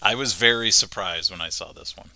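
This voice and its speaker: A man's voice: lowish voice, fairly quick, bright, forceful tone, no echo. A man co-hosting a podcast, joking casually and reading out episode facts. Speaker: podcast co-host. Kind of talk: casual chat.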